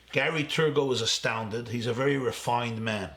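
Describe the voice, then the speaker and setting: Bright-voiced rabbi telling a story. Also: male voice, mid-range voice, moderate pace, few pauses. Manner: vivid storyteller, quoting people in his tale. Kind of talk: storytelling speech to students.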